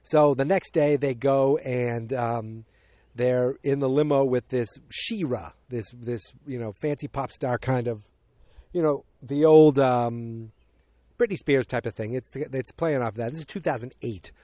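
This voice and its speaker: A man's voice: mid-range voice, unhurried, dark tone, no echo. A man hosting a podcast, casually recapping a movie plot in a rambling way, full of fillers and acted-out quotes. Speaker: podcast host.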